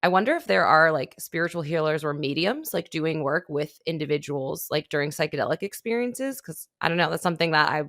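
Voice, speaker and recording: A young adult woman hosting a podcast interview who tells her own story in an animated way, acting out quotes. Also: deep voice, fairly quick, few pauses, no room sound, studio quality. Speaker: podcast host. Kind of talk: conversational interview.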